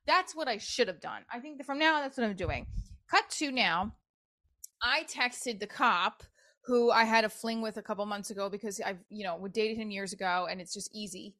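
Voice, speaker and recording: A woman's voice: fairly high pitch, moderate pace, a bit bright. A woman of forty hosting her own podcast, talking casually and candidly, swearing freely and jumping from one topic to the next. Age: 40s. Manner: candid, profane, jumps between topics. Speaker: podcast host. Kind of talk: casual solo podcast chat.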